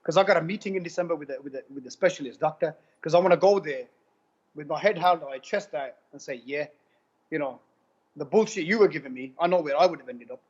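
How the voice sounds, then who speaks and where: A man tells his story in a quick, high voice, piling up retold dialogue with "I go" again and again. The recording sounds muffled and lo-fi. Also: darkish tone, husky. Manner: rapid, repetitive retelling with many "I go" quotes. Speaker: guest giving a testimonial. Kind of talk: animated personal storytelling. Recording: dull lo-fi recording.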